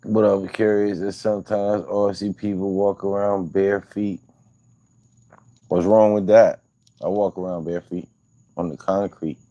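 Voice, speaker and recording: Man, livestream host, casual profane rambling, deep voice, dry close sound. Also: little pitch movement, normal speed, warm tone, no echo, highs cut off. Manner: loose, profane, rambling banter. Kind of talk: casual livestream chat reacting to viewers.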